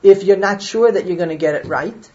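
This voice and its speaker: A woman's voice: mid-range voice, fairly quick, a little mellow, lo-fi sound. A woman teaching a lesson on Jewish law, reasoning aloud step by step and checking that her listeners follow. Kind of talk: explanatory lecture on Jewish law.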